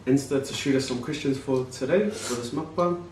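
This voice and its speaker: Relaxed, hesitant man, distant roomy sound. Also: medium pitch, a little fast, noisy background. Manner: relaxed, hesitant, many ums. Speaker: vlog co-host. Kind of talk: casual mukbang chat.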